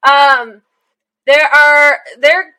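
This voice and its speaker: A woman's voice: high-pitched, steady tone, drawn-out words, bright, forceful tone, poor audio. A young woman co-hosting a casual podcast chat, rambling with lots of fillers and giggles. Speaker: podcast co-host. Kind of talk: casual chat recapping an anime episode.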